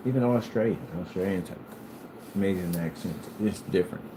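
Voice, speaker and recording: A man from the United States talking casually to his vlog audience, rambling and repeating himself, sometimes drawing words out slowly. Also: low voice, background noise. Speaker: vlogger.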